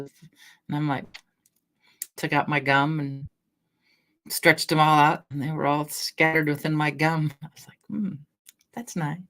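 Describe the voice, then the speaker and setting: Low-voiced chatty woman livestreaming. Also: fairly bright tone. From Washington State, US. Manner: chatty, rambling, laughs often, greets viewers by name. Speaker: livestream host. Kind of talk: casual chat with live chat readers.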